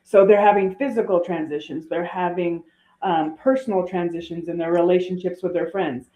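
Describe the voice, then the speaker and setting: A woman's voice: on the low side, steady tone, moderate pace, warm tone. A woman guest on a podcast interview, explaining earnestly and often restarting her phrases. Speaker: guest author and coach. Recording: tinny phone-like line in an echoey room.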